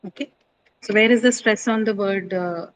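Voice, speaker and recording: A woman's voice: mid-range voice, moderate pace, slight background noise, rough recording. Woman teacher explaining word stress. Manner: explanatory, frequent "uh" and "right?" checks. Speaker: English pronunciation teacher. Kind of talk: online class lecture.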